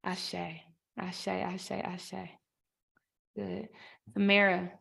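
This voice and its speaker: A woman moderating a virtual panel on a video call, gentle and affirming, speaking softly as she wraps up. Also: lowish voice, flat delivery, drawn-out words, creaky. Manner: gentle, affirming, soft-spoken.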